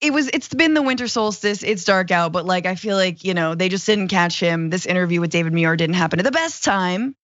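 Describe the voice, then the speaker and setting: A woman's voice: fairly low pitch, fairly quick, hardly any pauses, no echo, dull audio. A woman co-hosting a political commentary show, talking in a sarcastic, jokey way. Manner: sarcastic, jokey, animated when mocking. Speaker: co-host.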